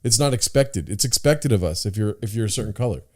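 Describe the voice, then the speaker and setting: A man's voice: fairly low pitch, animated, fast. Blunt, joking man on a podcast. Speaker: podcast co-host. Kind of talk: casual chat.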